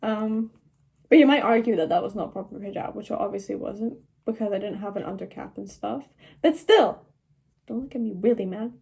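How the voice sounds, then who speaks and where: Her voice is medium-pitched, fairly quick, creaky and a little mellow. The speaker is a seventeen-year-old travel vlogger chatting through a storytime, laughing often and packing her talk with "like."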